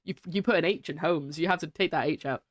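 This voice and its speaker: Playing a game on stream, this woman keeps up relaxed chat with her audience, warm and welcoming and laughing a lot. Her voice is low and fast, and the clean studio sound has no room reverb.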